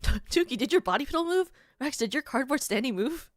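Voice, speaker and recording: A woman's voice: high-pitched, lively intonation, fairly quick, no room sound, faint music behind. A woman VTuber streamer chatting casually, spinning rambling hypotheticals with lots of "like" and frequent giggles. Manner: giggly, rambling, heavy use of "like".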